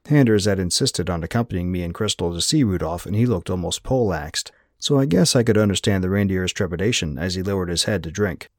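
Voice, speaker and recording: Low-voiced male audiobook narrator. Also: fairly quick, hardly any pauses, no room sound, clean studio sound. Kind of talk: scripted first-person narration.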